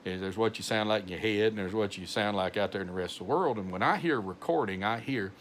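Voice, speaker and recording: Giving an informal, homely devotional talk, a middle-aged pastor with a heavy North Texas accent speaks slowly in a fairly low, slightly bright voice. He rambles, with many "uh"s and restarts. Faint room hiss lies beneath him.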